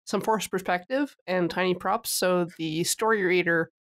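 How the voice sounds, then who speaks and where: A woman with a slightly low voice walks through an episode's plot in detail. She keeps her recap steady and sprinkles in dry, wry asides. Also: moderate pace. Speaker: podcast co-host recapping episodes. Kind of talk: casual chat.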